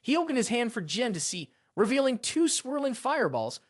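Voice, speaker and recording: Male story narrator, high and animated, dramatic recap read. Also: a little fast.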